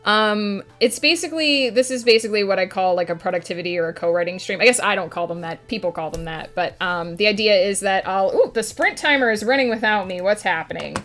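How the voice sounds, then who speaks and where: A woman's voice: mid-range voice, quick pace, hardly any pauses, fairly bright tone. A woman streaming a writing session, chatting casually with her audience and answering chat between filler words.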